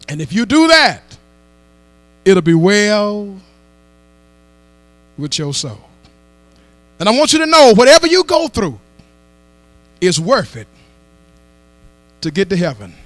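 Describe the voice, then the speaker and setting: A man preaching a sermon as pastor, rising into shouted and half-sung call-and-response lines, recorded in a church with a mains hum. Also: high-pitched, dry recording. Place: church sanctuary.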